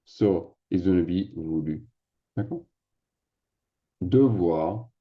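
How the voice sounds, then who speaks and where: A man's voice: sits low, expressive, measured pace, highs cut off. A man with a French accent, a native French speaker, explaining grammar as a teacher in a casual classroom way, often checking in with "d'accord?". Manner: sprinkles French fillers, asks "d'accord?" often.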